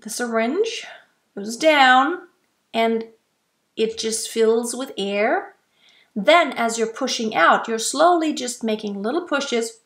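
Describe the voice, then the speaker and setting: A woman's voice: fairly high pitch, lively intonation, slow, fairly bright tone. A woman from Germany, a vocal coach patiently explaining and demonstrating breathing exercises. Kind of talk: instructional explanation.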